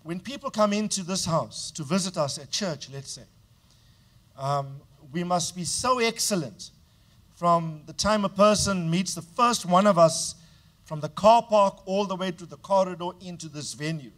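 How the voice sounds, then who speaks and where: A man's voice: sits high, moderate pace, a bit bright. Emphatic man preaching a sermon. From South Africa. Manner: emphatic preaching with call-and-response prompts. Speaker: pastor.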